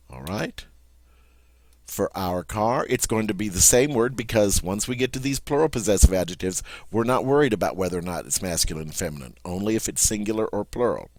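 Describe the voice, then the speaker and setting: A man teaching French grammar in a patient way, often repeating words slowly and checking in with "all right?". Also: lowish voice, darkish tone, no room sound. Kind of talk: classroom grammar lesson.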